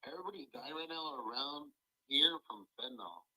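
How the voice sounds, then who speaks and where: Calm, husky-voiced male guest. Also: fairly high pitch, a little fast, rough recording. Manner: calm, laid-back, short answers. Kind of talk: casual chat. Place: outdoors on a balcony.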